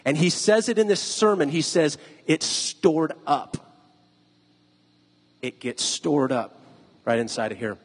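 A man's voice: a little high, big pitch swings, moderate pace, husky, in a large hall. A pastor giving a conversational sermon, putting questions to his listeners. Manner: conversational, asks the audience questions.

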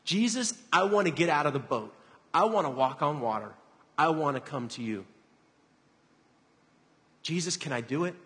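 A man's voice: on the high side, animated, moderate pace, long pauses, a bit bright, long reverb tail. A man giving voice to an eager, pleading disciple.

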